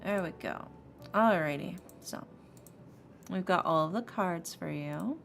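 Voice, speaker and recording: A woman's voice: lowish voice, measured pace, vocal fry. A woman streamer chatting casually and joking with her viewers before a tarot reading. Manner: joking, self-mocking, laughs often. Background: soft lo-fi music.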